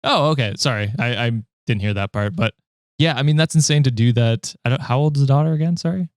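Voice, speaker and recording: A man's voice: medium pitch, fast, no echo, clean studio sound. A man co-hosting a podcast in casual chat, reacting with laughter and frequent swearing. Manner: chatty, laughing, swears freely. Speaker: podcast co-host.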